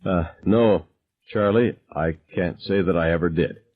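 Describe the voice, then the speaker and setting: A man voicing a terrified middle-aged teacher who answers in a low, faltering stammer. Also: unhurried. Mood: cowering. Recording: dull lo-fi sound.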